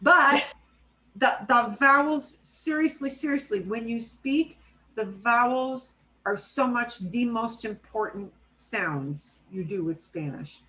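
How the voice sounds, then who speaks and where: A woman with a fairly high voice teaches a class over a video call. She is chatty and explains at length, with many asides. She keeps checking in with her students. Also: lively intonation, takes it slowly, sharp tone, low-quality recording. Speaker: Spanish teacher. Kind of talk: casual online class teaching.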